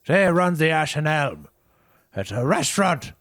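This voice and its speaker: A man's voice: a little high, big pitch swings, a little slow, a bit bright, dry recording, pitched above the performer's own voice, exaggerated voice. A man voicing a paranoid male tavern brewer who screams and rants about a rival. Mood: ranting. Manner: screaming, ranting, frantic.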